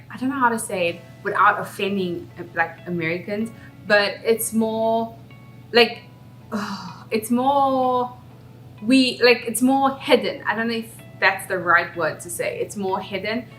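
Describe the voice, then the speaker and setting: A young adult woman with a South African accent chats candidly and reflectively for her vlog, her voice medium in pitch and fairly bright. Faint background music plays in a space with a roomy echo.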